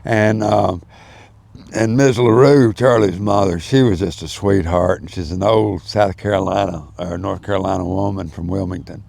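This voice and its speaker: A man's voice: sits low, fairly even intonation, moderate pace, vocal fry, a little mellow. An older man, telling folksy, rambling stories as an interview guest. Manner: rambling, folksy storyteller with many fillers. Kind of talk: storytelling in casual chat.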